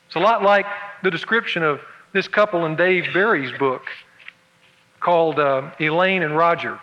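A man's voice: fairly high pitch, normal speed. A man preaching a sermon as pastor, in a storytelling, humorous way. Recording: dull lo-fi tape with long hall reverb.

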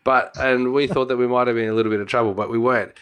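A man's voice: medium pitch, steady tone, rapid-fire, a bit bright, clean tone. A man with an Australian accent, co-hosting a casual chat and telling a long travel story with lots of restarts and laughter. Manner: rambling storyteller, many restarts, laughs often.

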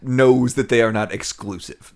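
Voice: medium pitch, fairly even intonation, moderate pace. A podcast co-host in casual chat, joking, riffing and laughing often while recapping a show. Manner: jokey, laughs often, riffs on recasting.

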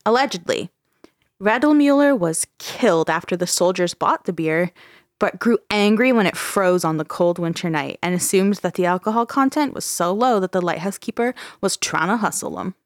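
Woman, podcast host, lower voice, laughing, swearing, dry close mic. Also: expressive, normal speed, no echo. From Ontario, Canada. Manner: laughing storyteller, swears freely. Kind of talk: casual podcast chat.

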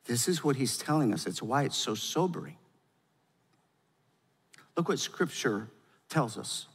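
An older man preaching a sermon as pastor, with emphatic delivery that swings from loud urgency to quiet gravity. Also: medium pitch, lively intonation, measured pace, breathy edge. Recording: long hall reverb.

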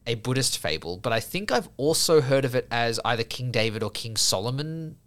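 A man's voice: medium pitch, very animated, a little fast, fairly bright tone. A man in casual conversation explaining a Buddhist idea and telling a story, with many fillers and repeated restarts. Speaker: podcast guest speaking from a Buddhist view.

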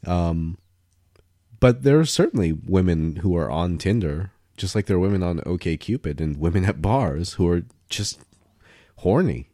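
A man's voice: sits low, unhurried, dry recording, studio quality. A young man in casual chat, rambling and correcting himself as he talks. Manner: rambling, self-correcting, animated.

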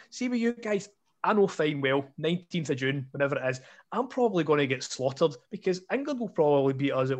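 A Scottish man on a podcast call, talking football in an animated, ranting way full of rhetorical asides. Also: fairly high pitch. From Scotland. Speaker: podcast co-host. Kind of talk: casual chat.

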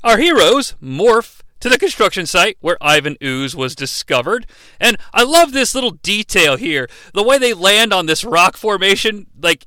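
A young man recaps a movie with sarcastic, profane humor. His voice is high, bright and smooth. The sound is dry and close. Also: no room sound. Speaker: movie reviewer.

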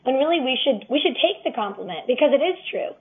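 A woman's voice: high voice, animated, quick pace. A young woman as a guest, speaking sincerely and encouragingly from her faith. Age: young adult. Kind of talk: casual interview talk. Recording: tinny phone line.

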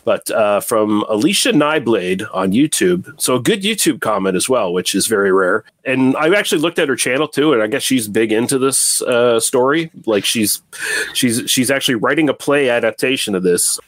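Male podcast host, relaxed rambler, average pitch, very dry recording. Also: no room sound. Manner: relaxed, rambling, quick asides with fillers. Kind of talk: casual film podcast chat.

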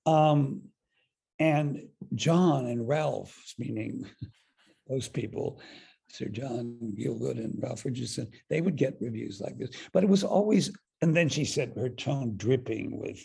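Very raspy, gravelly older man. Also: medium pitch, mellow. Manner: halting, with many fillers and restarts. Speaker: actor and director. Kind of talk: storytelling interview anecdote.

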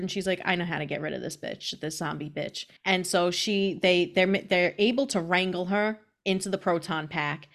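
A woman co-hosting a podcast, casually improvising a silly spooky story with playful laughs. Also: lowish voice. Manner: playful, laughs often, acts out characters in bits. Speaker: podcast co-host.

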